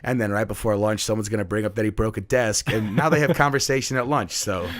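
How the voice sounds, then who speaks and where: A young man with a fairly low voice, chatting casually as a guest. He tells stories about his classroom and acts out what his students said. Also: fast. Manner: animated storyteller who acts out students in high voices. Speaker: middle school teacher, guest. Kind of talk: casual storytelling chat.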